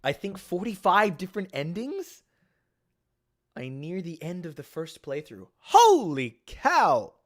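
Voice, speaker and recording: An Australian man chatting excitably while streaming a game, often gasping and laughing. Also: sits high, a little slow. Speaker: streamer and voice actor. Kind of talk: casual game stream chat.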